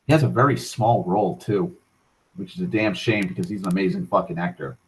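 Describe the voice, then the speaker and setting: A young man hosting an online talk show, rambling casually with frequent profanity, restarts and excited tangents. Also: low-pitched, a little fast, a little hiss or hum, low-quality recording. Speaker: internet talk show host.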